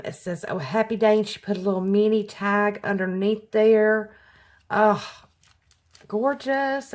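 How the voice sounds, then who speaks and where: Slow, gushing woman. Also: mid-range voice. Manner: gushing, voice jumps up when excited. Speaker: craft vlogger. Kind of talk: casual unboxing chat.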